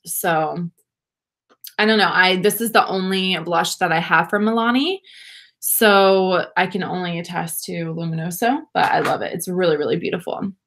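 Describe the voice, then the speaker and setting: A young woman, chatting warmly and gushing to viewers during a casual livestream makeup session. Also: fairly low pitch, moderate pace. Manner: bubbly, gushing, laughs often, talks to viewers. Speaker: beauty vlogger.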